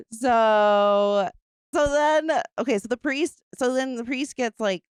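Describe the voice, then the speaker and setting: Giggly woman with a smooth voice. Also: high voice, expressive, slow pace, dry recording, studio quality. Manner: giggly, jokey, recaps the plot with many fillers. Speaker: podcast host; comedian. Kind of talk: casual chat.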